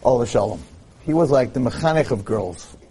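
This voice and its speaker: A man speaking at a religious event, telling a joke story in an animated way. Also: mid-range voice, a little fast, breathy edge. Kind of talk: storytelling in a talk.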